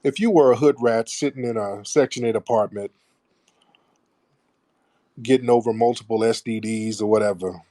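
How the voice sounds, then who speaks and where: A man's voice: lowish voice, normal speed, pauses often, warm tone, no echo. A middle-aged man hosting a radio show, talking bluntly and profanely to his listeners in a casual monologue. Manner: mocks others in put-on voices.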